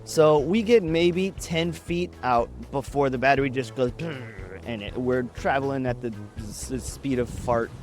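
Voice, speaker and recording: A man's voice: mid-range voice, measured pace, darkish tone, soft background music. A man from Texas telling a story casually, with wry, profane, laid-back humor.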